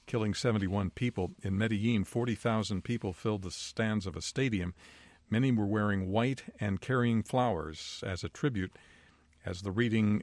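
A man reading a scripted world news bulletin as the anchor, in a measured, even newsreader delivery. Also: fairly low pitch, no room sound.

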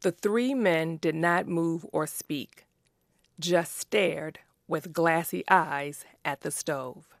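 A woman with a fairly low voice reads a story at a very slow, deliberate pace. The recording is close and dry, with no room sound. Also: creaky, no echo. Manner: slow, even, careful. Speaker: narrator. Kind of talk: slow story reading for learners.

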